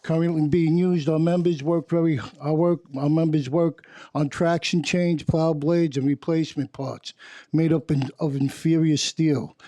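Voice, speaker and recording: A man's voice: on the high side, fairly even intonation, moderate pace, dark tone, no room sound. A man representing a sanitation workers' union, reading testimony to a council hearing, stumbling and restarting phrases.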